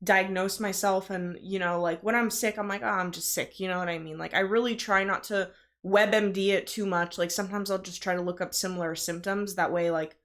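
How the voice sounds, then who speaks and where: A young woman co-hosting a casual podcast in a mid-pitched voice. She rambles through stories, padding almost every phrase with "like" and "you know". The delivery is loose and conversational. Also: steady tone, brisk, a bit bright. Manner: chatty, fills talk with "like". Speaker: podcast co-host. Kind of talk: casual chat.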